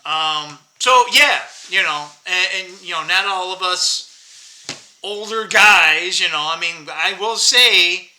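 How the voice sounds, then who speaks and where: A man's voice: sits high, slow pace, sharp tone, low-quality recording. A man in his fifties rambling bitterly to his viewers in a casual monologue, swearing and laughing to himself. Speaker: vlogger.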